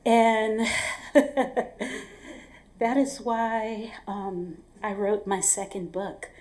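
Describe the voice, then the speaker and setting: A woman's voice: medium pitch, fairly even intonation, takes it slowly, a little mellow. A woman telling a personal story on stage at a live event in a casual, candid way, full of fillers and repeated words.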